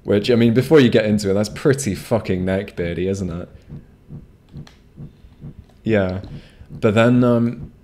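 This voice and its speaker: A man's voice: on the low side, a little slow, long pauses, darkish tone, slight background noise. A man streaming a game on a home microphone, rambling casually with lots of swearing and restarts. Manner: rambling, profane, frequent restarts. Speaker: gamer streaming a playthrough. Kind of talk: casual gameplay commentary.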